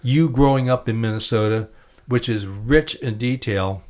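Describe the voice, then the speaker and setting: Relaxed, chatty male podcast host. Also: medium pitch, normal speed. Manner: relaxed and chatty, laughing easily. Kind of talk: casual interview, reading book passages aloud.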